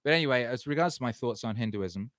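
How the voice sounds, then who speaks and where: A man's voice: mid-range voice, lively intonation, fast, a bit bright, dry recording. A man hosting his own live stream, swearing a lot and swinging between heated ranting and cheerful chat with viewers.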